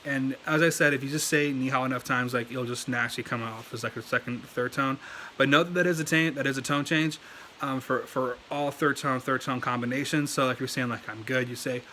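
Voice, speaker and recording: Man, casual language lesson, rambling, fillers, mid pitch, faint hiss. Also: steady tone, brisk, bright, forceful tone. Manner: rambling, lots of fillers and restarts. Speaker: language learning video host. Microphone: desk setup, moves around in his chair.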